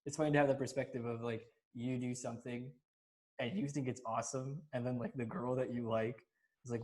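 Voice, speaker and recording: Animated young man telling stories. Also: medium pitch, brisk. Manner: animated, acts out quotes, laughs often. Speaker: podcast host. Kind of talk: casual conversation.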